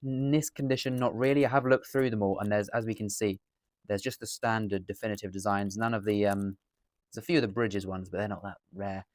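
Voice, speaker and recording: Chatty English man, lowish voice. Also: fairly even intonation, fairly quick, a little mellow, no room sound, studio quality. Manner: chatty, rambling, self-correcting. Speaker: coin dealer and collector. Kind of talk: casual unboxing commentary. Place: indoors at a table.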